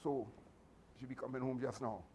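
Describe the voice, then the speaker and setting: A man's voice: medium pitch, steady tone, normal speed, dark tone, slightly rough. A man, a martial arts instructor giving a motivational speech to his students, earnest and repetitive with many restarts. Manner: fatherly advice giving.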